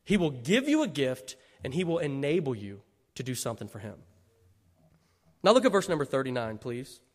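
Animated pastor preaching in a big hall. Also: male voice, mid-range voice, moderate pace. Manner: humorous storytelling, laughing, asks the congregation "Amen?". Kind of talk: sermon. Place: church sanctuary.

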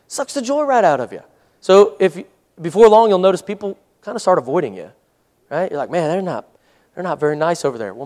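Pastor, male, high voice; chatty sermon with amen calls and laughs.

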